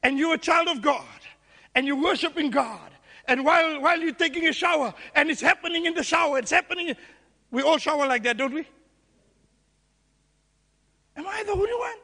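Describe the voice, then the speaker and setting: A man's voice: extremely high pitch, a little fast, vocal fry, bright, forceful tone. A man preaching a sermon as pastor, repeating words and restarting as he questions his congregation, recorded in a church hall. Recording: echoey hall.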